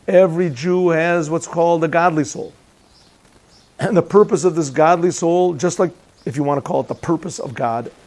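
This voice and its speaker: In a yeshiva classroom, a rabbi gives a Chassidic lecture, keeping it conversational, cracking jokes, and often putting questions to his listeners. His voice sits on the high side and is a little mellow.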